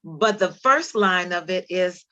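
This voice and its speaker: A woman's voice: lowish voice, animated, a little slow, bright, forceful tone, lo-fi sound. A woman on an online faith group call speaks up to share a prayer. She keeps backing the others with short yeses and murmurs, and her voice comes over the call. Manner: affirming, quotes prayers, gives many short agreements. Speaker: group member. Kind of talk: casual faith-based group chat.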